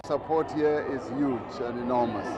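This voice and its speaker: A man, a politician, speaking in a measured way with pauses and fillers at an outdoor rally. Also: medium pitch, highs cut off, a crowd in the background, background noise. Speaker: politician on the campaign trail. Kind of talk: interview soundbite.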